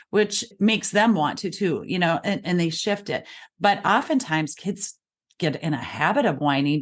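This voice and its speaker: A calm middle-aged woman with a lower voice walks through parenting advice as a guest. She explains patiently, step by step. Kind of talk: advice in interview.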